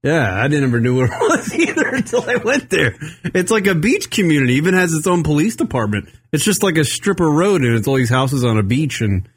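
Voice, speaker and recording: A man's voice: fairly high pitch, sing-song, fairly quick, husky. Rambling profane radio host man. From Long Island, New York. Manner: rambling, profane, many fillers. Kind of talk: casual radio chat. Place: radio studio.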